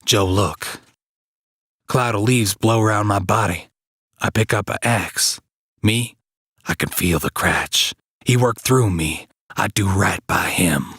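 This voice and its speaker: A man's voice: lowish voice, slow pace, a bit bright, husky, dry recording. A man narrating a first-person story in clipped, broken backwoods grammar, recorded close on a dry mic. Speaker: author and reader.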